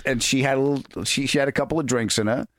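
A man hosting a podcast, telling comic stories in an animated, laughing way and acting out quotes. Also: mid-range voice, quick pace. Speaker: podcast host. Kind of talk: casual comedic storytelling.

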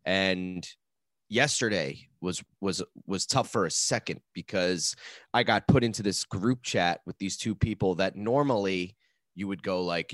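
A man's voice: low voice, unhurried, no echo, studio quality. A man co-hosting a podcast, telling rambling stories in casual chat and acting out little voices. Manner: rambling, animated storytelling with playful voices. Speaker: podcast co-host.

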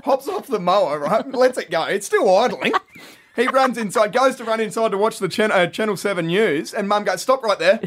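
An Australian man hosting a breakfast radio show, telling stories in animated, chatty banter. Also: high-pitched, fairly quick. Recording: radio broadcast studio.

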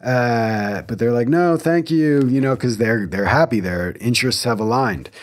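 With a mid-range voice at normal speed, a man in his thirties hosts his own casual podcast out of a home garage. He rambles with enthusiasm, frequently starting sentences over and fixing what he said.

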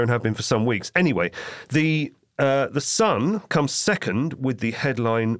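Man, co-host, wry, dry humour, varied pitch, dry close sound. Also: big pitch swings, moderate pace, fairly bright tone, no room sound. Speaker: podcast co-host. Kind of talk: casual newspaper review chat.

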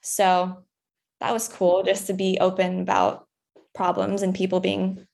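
A young woman chats openly as a podcast guest, her voice sitting at an everyday middle pitch. She tells her story in loose, candid bursts and jumps higher whenever she acts out what she once said. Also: completely flat delivery, a little slow, vocal fry, darkish tone. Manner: candid and chatty, acts out past dialogue in a higher voice. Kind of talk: casual chat.

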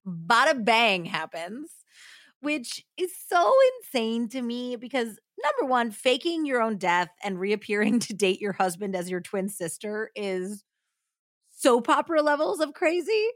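A woman co-hosting a true crime podcast, telling the story in a casual, animated, laughing way with slang. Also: fairly high pitch, normal speed, no echo, studio quality. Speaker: podcast co-host.

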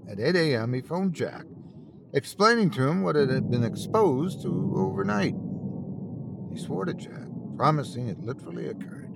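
A man narrating a scripted horror story in a slow, dramatic storytelling manner. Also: mid-range voice, gravelly, background noise.

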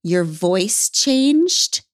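A woman hosts a podcast with eager, enthusiastic energy. She sits at mid pitch, and the recording is very dry and close, with no room sound. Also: very animated, very slow, dry recording. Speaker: podcast host. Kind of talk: casual chat. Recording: dry studio mic.

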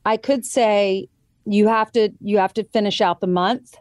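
A woman's voice: medium pitch, fairly even intonation, measured pace, a little mellow, dry recording, studio quality. A woman guest, an author and television co-host, telling a long story about her young daughter in a casual conversation, often quoting others as she goes. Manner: earnest storytelling, quoting others in changed voices.

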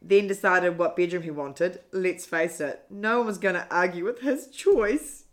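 A woman's voice: fairly low pitch, a little slow. A woman co-hosting a podcast in casual chat, reading a manuscript aloud with wry asides. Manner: amused, wry, breaks off to comment while reading. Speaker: podcast co-host.

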